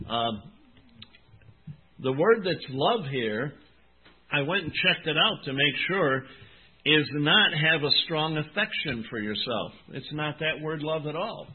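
A husky-voiced man in his seventies delivers a sermon, pitched a little high for his age. He speaks earnestly and plainly, slowing down to stress key words. The recording is thin and tinny, like a phone line. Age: 70s. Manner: earnest, folksy, slow deliberate emphasis. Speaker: pastor.

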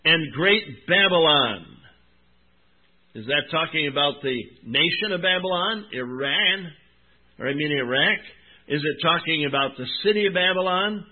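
Male preacher, slightly high voice, emphatic scripture reading, thin phone-like recording. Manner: emphatic, drawn-out Bible reading, rising and dropping in volume; addresses listeners as "my friend" and "folks". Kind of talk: sermon.

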